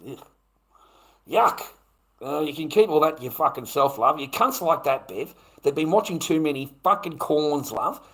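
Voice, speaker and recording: A middle-aged Australian man rants crudely and at length on a livestream, swearing constantly and tacking "mate" onto his lines. His voice is a little high and a bit bright, with lively intonation and a moderate pace, though the recording is rough.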